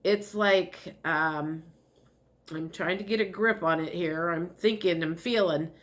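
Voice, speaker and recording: A woman's voice: fairly low pitch, takes it slowly, a bit bright. A woman giving a casual spoken tarot reading, rambling and chatty with many fillers and light laughs. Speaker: tarot reader.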